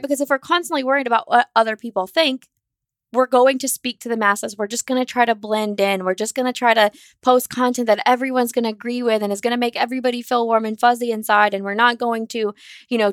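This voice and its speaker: A woman hosting a solo podcast, talking fast and fired up, candid and casual, with some swearing. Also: a little high, fairly bright tone, no echo, studio quality. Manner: acts out her own anxious inner voice. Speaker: podcast host.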